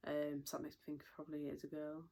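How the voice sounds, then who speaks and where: A young woman with a British accent talks through a casual vlog update in a low voice. She rambles with plenty of fillers and sounds a little out of breath at times. It's relaxed, everyday home chat. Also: quick pace, gravelly. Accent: British English. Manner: chatty, rambling, many fillers. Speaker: vlogger.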